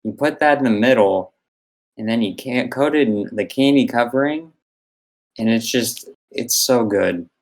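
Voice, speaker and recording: On poor audio, a young man co-hosts a podcast in a mid-range voice at a moderate pace. The casual chat finds him earnest and enthusiastic, especially about snacks.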